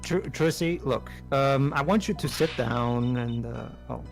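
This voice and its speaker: A man stumbling through halting, sarcastic quips in casual commentary over a game. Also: mid-range voice, gravelly, faint music behind. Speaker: let's play co-commentator.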